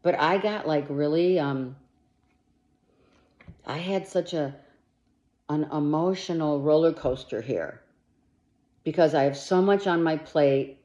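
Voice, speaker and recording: Woman, tarot reader, unhurried delivery, blunt, emphatic, swears casually, dull lo-fi sound. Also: deep voice, dark tone. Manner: talks straight to the listener with urgent reassurance. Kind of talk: monthly tarot reading to camera.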